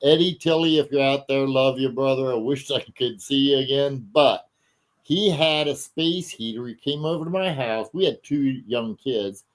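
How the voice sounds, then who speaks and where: A man with a Cincinnati accent recalls an old story in a mid-pitched voice. He talks in an earnest, reminiscing way. His tone is plain and warm-hearted. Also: moderate pace, poor audio. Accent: Cincinnati, Ohio. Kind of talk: casual storytelling chat.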